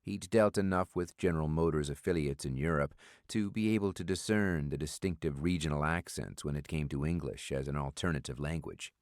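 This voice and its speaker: A man reading a thriller audiobook in a steady, measured scripted narration. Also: a bass voice, no room sound, studio quality.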